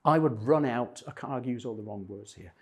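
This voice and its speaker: Retired man in his sixties, slightly husky, spins wry personal stories for a friendly crowd. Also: medium pitch, brisk. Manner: self-deprecating, humorous anecdotes. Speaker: speaker at a men's breakfast.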